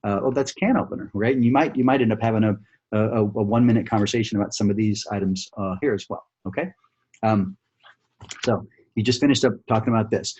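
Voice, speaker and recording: A man with a low, slightly husky voice leads a sales training session over a video call. He coaches in a loose, conversational way, full of fillers, and keeps checking in with the listener. The sound comes through a plain computer mic. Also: fast talker, darkish tone, dull audio. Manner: coaching, repeats "right?" and "okay?", thinks aloud with fillers. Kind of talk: screen-share sales training.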